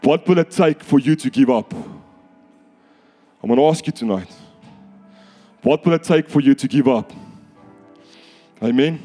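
A man preaching a sermon, fervent and repetitive, rising to shouts at times. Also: mid-range voice, unhurried, pauses often, soft background music. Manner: fervent, builds to shouts, repeats phrases.

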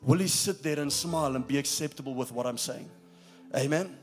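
A man's voice: medium pitch, brisk, soft background music. A pastor preaching a sermon to his congregation. He stresses key phrases and keeps asking whether they are with him. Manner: emphatic preaching that checks in with the congregation.

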